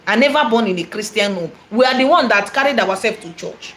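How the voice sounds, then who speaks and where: A woman with a Nigerian accent, a prophetess telling a personal testimony in an animated, repetitive way, dropping in Igbo phrases. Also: fairly high pitch, a little fast, a little hiss or hum. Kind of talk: testimony storytelling.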